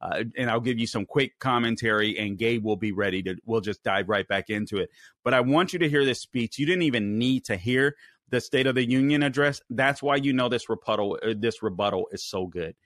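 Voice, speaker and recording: A man's voice: medium pitch, brisk, a bit bright, no echo, clean studio sound. A man hosting a political talk show, delivering heated, emphatic commentary with many fillers and restarts.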